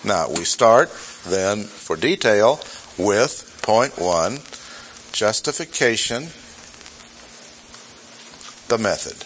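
A man's voice: lowish voice, lively intonation, very slow, long pauses, a bit bright, slight background noise, low-quality recording. A man teaching through a Bible chapter in a sermon, reading verses aloud and stressing key words. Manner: reads scripture aloud, self-correcting asides. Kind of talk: expository sermon.

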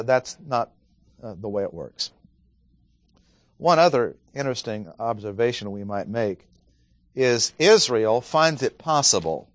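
A medium-pitched man gives a casual Bible study, asking the audience questions along the way. He reads scripture aloud with emphasis, and the recording is dry.

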